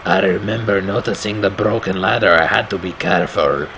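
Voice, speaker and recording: A man putting on a strained, raspy voice to read a game's horror narration slowly and grimly. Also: low voice, a bit bright, a little hiss or hum, low-quality recording. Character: gravelly grown man narrating his own horror story.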